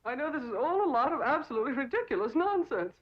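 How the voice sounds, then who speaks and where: A prim, fussy secretary with a high voice that jumps around. The sound is a muffled old sitcom track with faint hiss. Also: female voice, very animated, fast talker. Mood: flustered. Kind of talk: 1960s sitcom acting. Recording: dull 1960s TV soundtrack.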